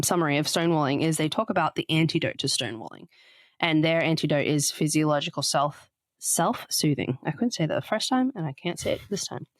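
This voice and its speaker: A woman's voice: low-pitched, dry recording. A woman co-hosting a relationship podcast, explaining ideas in a chatty way and reading out short quotes. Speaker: podcast co-host. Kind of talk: casual podcast chat.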